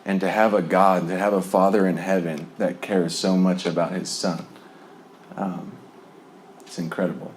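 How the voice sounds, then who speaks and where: A man's voice: deep voice, little pitch movement, moderate pace, slight background noise. A man from New Jersey telling his recovery testimony in a rambling way, with many fillers and frequent chuckles. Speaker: speaker sharing a recovery testimony. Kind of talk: personal testimony storytelling.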